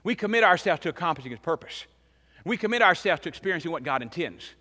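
A man in his fifties preaching a sermon as pastor, emphatic, swinging between loud and hushed. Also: fairly high pitch, expressive, fast talker. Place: church sanctuary. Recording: long reverb of a large church hall.

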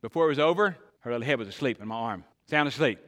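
An older male pastor delivers a sermon with a bright, forceful voice. He asks the congregation questions and swings between loud emphasis and quiet, hushed lines. The sound rings with a long reverb, like a large sanctuary. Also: medium pitch, animated, fast talker.

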